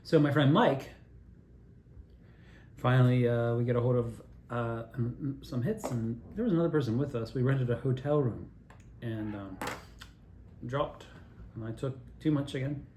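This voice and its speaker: A man's voice: medium pitch, normal speed, pauses often, a little mellow, slight background noise. Rambling man telling wild stories, roomy echo. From Altoona area, Pennsylvania. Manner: loose, digressive, swearing, laughing at own stories. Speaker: storyteller. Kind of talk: rambling personal storytelling.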